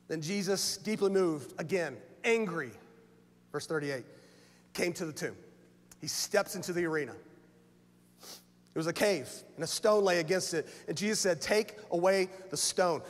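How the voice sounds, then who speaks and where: Impassioned high-voiced preacher in a reverberant church. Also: male voice. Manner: impassioned preaching, rising to shouted lines. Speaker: pastor. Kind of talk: sermon. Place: church sanctuary. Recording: long church hall reverb.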